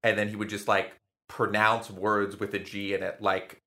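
In a voice on the low side, level and normal in pace yet bright and forceful, a young podcast co-host chats casually. He rambles, swears, and leans on lots of fillers.

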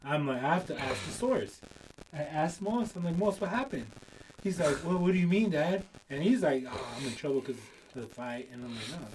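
Dad in his thirties, podcast co-host, crude laughing storyteller, slightly high voice, sits back from the mic. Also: animated, fairly quick, far from the mic, background noise. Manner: profane, laughing storyteller acting out dialogue. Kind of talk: casual storytelling chat.

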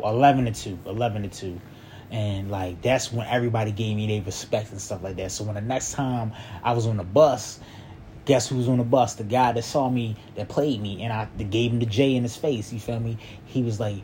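A man's voice: medium pitch, mellow, a little hiss or hum. A young man casually telling a personal story in a loose, rambling way, often checking in with the listener. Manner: loose, rambling, repeats "you feel me".

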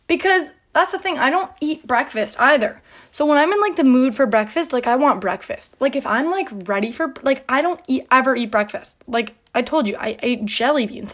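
A young woman, hosting a casual podcast, rambling and a little out of breath, full of "like" and laughter. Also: on the high side. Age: young adult. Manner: rambling, filler-heavy, with frequent "like" and laughs. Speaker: podcast host. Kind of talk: casual chat.

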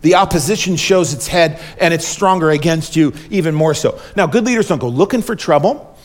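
Emphatic pastor preaching, slightly high voice. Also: male voice, brisk. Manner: emphatic, repetitive preaching that calls for audience responses. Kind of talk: sermon.

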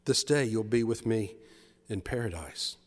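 A man voicing Jesus on the cross, speaking softly, slowly and gently. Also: mid-range voice, voice pushed down, natural voice. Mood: hushed. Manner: soft, slow and hushed.

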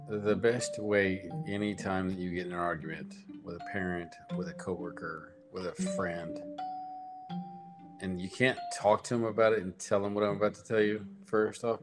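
A man co-hosting a podcast, a school principal, talking in a relaxed, rambling way. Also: low-pitched, moderate pace, over music. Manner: relaxed, rambling, restarts often. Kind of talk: casual chat.

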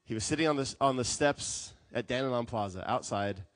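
A man preaching a sermon as a pastor, telling stories with lively acted quotes. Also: mid-range voice, brisk, no echo, clean studio sound. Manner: animated storytelling with acted quotes.

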